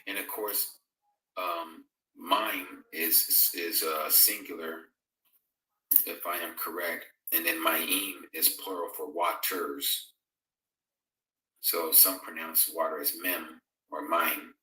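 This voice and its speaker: With a low, bright, pushed voice showing little pitch movement, a man speaks slowly while hosting a live-streamed Bible fellowship. He reads out viewer comments and replies conversationally, chats casually, and reads scripture aloud. The room echoes and his voice is far from the mic.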